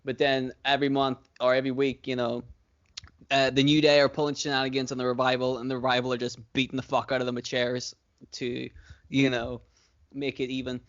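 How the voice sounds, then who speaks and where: Male podcast co-host, mid-pitched, rambly and profane, laughs a lot; dull lo-fi recording. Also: flat delivery, fairly quick. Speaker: podcast co-host booking wrestling shows. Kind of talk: casual chat.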